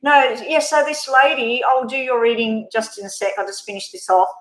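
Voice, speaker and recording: A woman's voice: fairly high pitch, fairly quick, fairly bright tone. Chatty woman tarot reader, echoey room. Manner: chatty, candid, emotional; addresses viewers directly. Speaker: tarot reader hosting a live stream. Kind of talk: casual live-stream chat and card reading.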